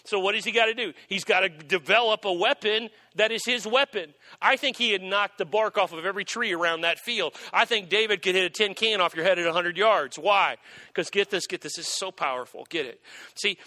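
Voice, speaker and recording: A man preaching a sermon in an animated, joking way, often restarting his sentences. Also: sits high, a little fast. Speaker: pastor.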